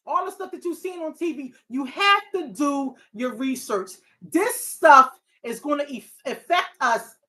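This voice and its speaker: A middle-aged woman hosting a talk show, speaking casually and animatedly to her audience, preachy and quick to digress. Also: high voice, pushed and bright. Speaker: talk show host and therapist.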